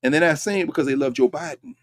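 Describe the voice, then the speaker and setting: A man's voice: a little high, quick pace, no echo, clean studio sound. A man hosting a lecture-style commentary show, talking emphatically and conversationally and putting rhetorical questions to his listeners. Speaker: host.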